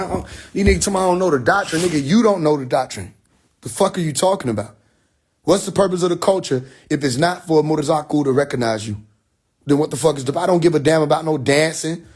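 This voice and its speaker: A husky man vents in a vlog rant. His voice sits a little high, and he swears freely and circles back to the same lines again and again. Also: darkish tone. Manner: agitated, profane, repeats himself. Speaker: rapper and online commentator.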